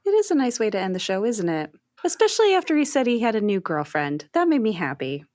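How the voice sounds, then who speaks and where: A woman co-hosting a movie podcast, chatting casually and quick to agree and encourage. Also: medium pitch, very animated, a little mellow, no room sound, clean studio sound. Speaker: podcast co-host.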